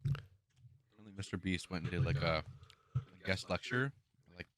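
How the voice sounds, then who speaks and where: A man's voice: sits low, moderate pace, a bit bright. A young man co-hosting a podcast in casual chat, loose and laughing, with lots of "like". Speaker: podcast co-host.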